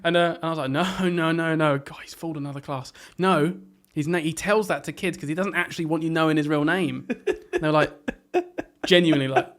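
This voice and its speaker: Casting: young male teacher, slightly high voice, giggly storyteller for a casual podcast. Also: brisk, fairly bright tone. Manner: laughing storyteller who acts out quotes. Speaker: podcast co-host, primary teacher. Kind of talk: casual chat.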